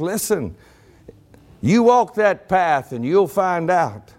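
A man preaching a sermon to a congregation, rising to shouted emphasis. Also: sits high, animated, unhurried. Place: church congregation.

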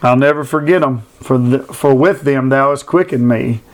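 A man's voice: mid-range voice, normal speed, slight background noise. A man preaching a sermon, building fervent repeated phrases and reading scripture aloud. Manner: fervent, repetitive emphatic preaching.

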